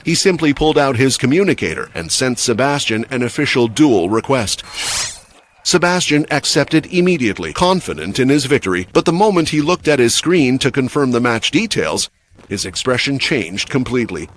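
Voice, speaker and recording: A man's voice: medium pitch, very animated, normal speed. A man giving scripted, dramatic story narration for a comic recap.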